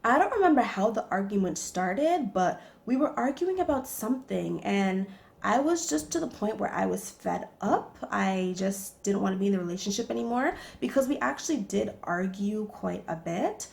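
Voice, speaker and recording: A young woman telling a personal story to the camera in a casual, animated way, with lots of fillers. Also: medium pitch, moderate pace, vocal fry. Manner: animated, chatty, many fillers. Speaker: vlogger.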